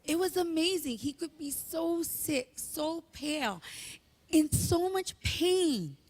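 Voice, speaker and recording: A woman giving a heartfelt eulogy at a memorial, telling stories with animated emotion. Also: very high voice, takes it slowly. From Hawaii. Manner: emotional, animated storytelling, tearful at moments. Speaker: memorial speaker.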